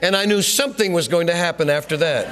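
A man preaching a sermon in an emphatic, repetitive way that builds to shouting. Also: fairly high pitch, fast, music in the background. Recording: hall reverb.

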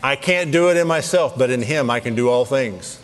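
A man preaching a sermon in a lively, playful way, rattling off scripture references. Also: mid-range voice, moderate pace. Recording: long hall reverb.

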